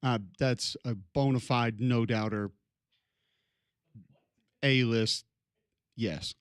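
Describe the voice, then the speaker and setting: Radio guy riffing on sports and celebs, opinionated, mid pitch, dead dry studio sound. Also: slow pace, clean tone, dry recording. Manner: opinionated, rambling, lively tangents. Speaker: radio sports talk co-host. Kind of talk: casual morning radio banter.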